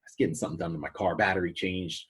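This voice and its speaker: A man's voice: low voice, steady tone, very fast, breathy edge. A man chatting as a podcast guest, telling work stories with frequent stammers and restarts. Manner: stammers and restarts, quotes customers. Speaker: podcast guest, movie theater manager. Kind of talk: casual storytelling chat. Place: podcast recording.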